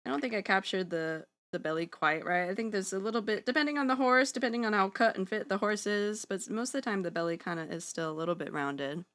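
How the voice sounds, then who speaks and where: Bright-voiced chatty young woman streamer. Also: medium pitch, quick pace, few pauses. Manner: chatty, rambling, playful slang. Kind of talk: casual livestream chat while drawing.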